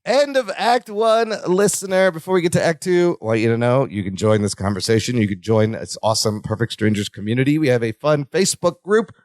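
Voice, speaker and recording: A man's voice: medium pitch, a little fast, few pauses, a little mellow, dry recording, clean studio sound. A man co-hosting a podcast, chatting casually as he recaps a sitcom episode, laughing often and jumping into his partner's sentences. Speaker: podcast co-host.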